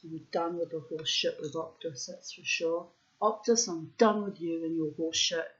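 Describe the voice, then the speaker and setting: A woman's voice: deep voice, steady tone, normal speed, a bit bright. A woman who tells stories in a casual, rambling way and talks bluntly, often swearing. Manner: blunt, profane, chatty. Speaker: reader and vlogger. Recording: dull lo-fi recording.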